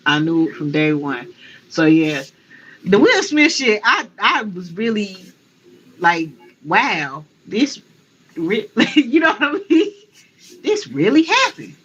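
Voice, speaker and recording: A woman co-hosting a casual talk show, blunt and quick to laugh. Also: medium pitch, sing-song, a bit bright, husky. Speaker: podcast co-host. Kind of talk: casual chat. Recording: dull lo-fi sound with faint noise.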